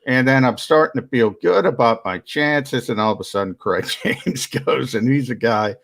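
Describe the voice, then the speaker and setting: A man's voice: medium pitch, normal speed, creaky, a bit bright. A man in sports-show chat, giving his opinions on a football team's roster, talking casually with frequent restarts. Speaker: sports analyst.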